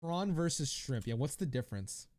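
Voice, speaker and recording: A man's voice: mid-range voice, very animated, normal speed, darkish tone. Rambling, swearing young streamer guy. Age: 20s. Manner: rambling, swearing, lots of fillers and restarts. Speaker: livestreamer. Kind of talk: casual livestream chat reading viewer comments.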